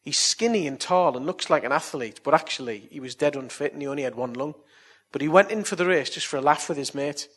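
A man's voice: fairly high pitch, fast talker, hardly any pauses, fairly bright tone, husky. A man preaching, telling stories in a chatty way and coaxing his listeners with earnest appeals. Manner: chatty, anecdotal storytelling. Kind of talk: evangelistic sermon and altar call.

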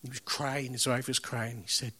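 A man preaching a sermon, telling a story in a conversational way that swings from loud, punchy lines to hushed, reverent moments. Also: mid-range voice, level tone, normal speed, slightly rough.

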